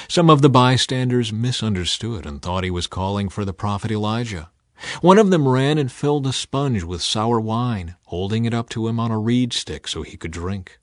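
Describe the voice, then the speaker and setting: A man's voice: fairly low pitch, animated, normal speed, no echo, clean studio sound. A man reading a Bible passage aloud with dramatic emphasis, his voice swelling on the quoted cries. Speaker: scripture reader.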